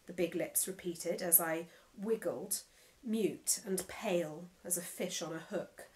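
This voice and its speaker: A woman author giving an expressive, measured reading of her own novel. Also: lowish voice. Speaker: nominated author.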